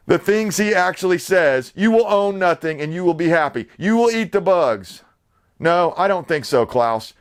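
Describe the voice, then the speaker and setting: A man hosting his own channel, talking straight to camera from his suburban home in a blunt, rambling, heated way. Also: fairly high pitch. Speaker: channel host. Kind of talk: casual to-camera commentary.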